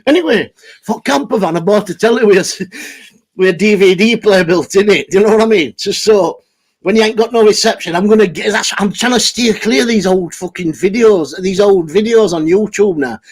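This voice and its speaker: A man's voice: high-pitched, fairly quick, husky. A middle-aged man, rambling and swearing as he chats with his live stream viewers. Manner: sweary, laughs often, talks to chat by name.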